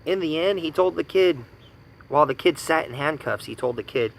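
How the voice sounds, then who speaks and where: In a low-quality recording, an American man in his thirties vents in a furious vlog rant. His voice is a little high and expressive, with vocal fry and a moderate pace, as he swears indignantly and keeps repeating his points for emphasis.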